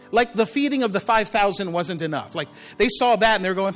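A man's voice: on the high side, lively intonation, normal speed, fairly bright tone, faint music behind. A male pastor delivering a conversational sermon in church, acting out the words of the story as he goes. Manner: conversational preaching, acts out Jesus' words.

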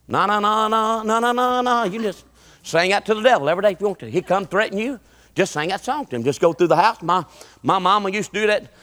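A middle-aged man, preaching a folksy, animated sermon full of repetition and bursts of song. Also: high-pitched, fast, big-room sound.

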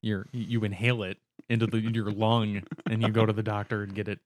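A man's voice: fairly low pitch, little pitch movement, quick pace, dry recording. A man in casual chat who poses playful questions and drops dry quips.

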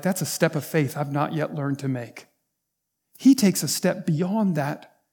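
A man preaching a sermon as pastor, earnest and emphatic, dropping soft and low when he quotes. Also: husky. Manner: earnest, building to emphatic points, softening on quotes. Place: church.

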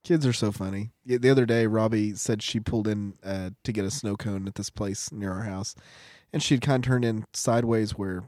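Animated laughing dad telling stories. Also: male voice, on the low side, a little fast, few pauses, no echo, clean studio sound. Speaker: father of young kids. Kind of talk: casual chat.

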